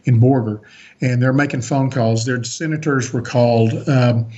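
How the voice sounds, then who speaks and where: A man's voice: mid-range voice, steady tone, normal speed, warm tone, highs cut off. A man on a podcast as a guest, earnestly recounting a personal story with frequent restarts.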